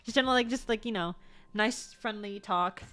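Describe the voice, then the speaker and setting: In a mid-range, slightly bright voice at normal speed, an American woman VTuber vlogger chats loosely about stuff she's bought. It's a show-and-tell ramble full of self-corrections, with a swear word here and there.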